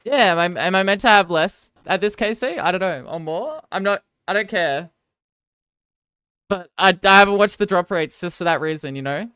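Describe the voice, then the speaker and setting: Casting: Australian woman streamer, rambling and self-mocking, smooth voice, dry close sound. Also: fairly low pitch, expressive, normal speed, fairly bright tone, no echo. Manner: rambling, self-mocking, answers viewers' chat between game moments. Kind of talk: casual live-stream chat.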